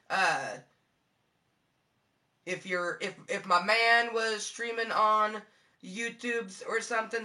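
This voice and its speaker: A woman streamer chatting casually with her viewers, with a low-toned voice, rambling through fillers, swearing and giggling. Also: bright, forceful tone. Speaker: live streamer.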